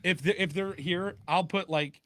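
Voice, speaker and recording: A man in a casual podcast chat with friends, telling a story in an animated way and acting out both sides of phone calls. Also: high-pitched, moderate pace, dry recording, studio quality. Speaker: podcast co-host.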